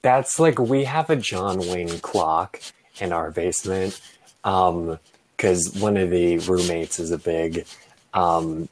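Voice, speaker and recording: Guy with a real low voice, casual podcast chat, lots of um and like. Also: takes it slowly. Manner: hesitant, lots of likes and ums.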